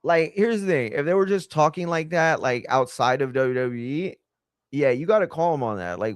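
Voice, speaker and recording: A man's voice: fairly high pitch, expressive, normal speed, no echo, clean studio sound. A young man casually reacting to wrestling in a slangy, profane, blunt way.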